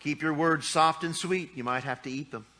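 A middle-aged male pastor preaching with a bright, forceful voice that sits a little high for a man. He keeps it folksy and joking, acting out little everyday scenes as he goes. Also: moderate pace. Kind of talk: sermon.

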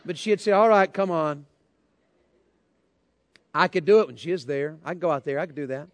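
A man's voice: a little high, very fast, a little mellow, dry recording. A man preaching a sermon, telling a folksy, joking story and addressing the crowd directly.

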